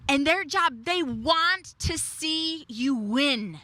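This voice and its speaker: Woman, sermon, high bright voice, unhurried, emphatic repetition, dry close sound. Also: lively intonation, dry recording. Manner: emphatic, repeats key phrases, slows on declarations. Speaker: preacher. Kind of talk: devotional sermon.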